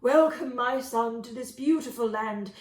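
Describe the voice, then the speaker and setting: A woman's voice: on the high side, a little slow, reverberant, distant mic, close to an everyday voice. A woman voicing a friendly, welcoming man at a doorway, read from a storybook. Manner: warm and welcoming.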